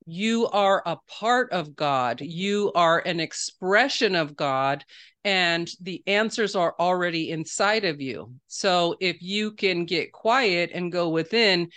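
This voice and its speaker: A woman with a bright, clear voice that carries forward strongly. She talks on a podcast in an earnest, reflective way. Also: fairly low pitch, lively intonation, slow. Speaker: podcast guest. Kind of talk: casual podcast interview.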